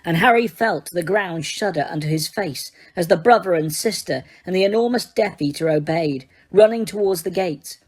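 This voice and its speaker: A woman reading a fantasy novel aloud as an audiobook, in steady, dramatic storytelling. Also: lowish voice, normal speed, few pauses. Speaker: audiobook reader. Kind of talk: audiobook narration.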